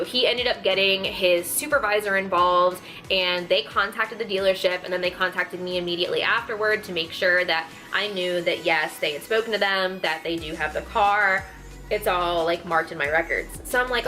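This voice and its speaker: A young woman from Texas telling a story in a casual, animated vlog rant, swearing and exasperated. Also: medium pitch. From Texas, USA. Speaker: vlogger. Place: room at home.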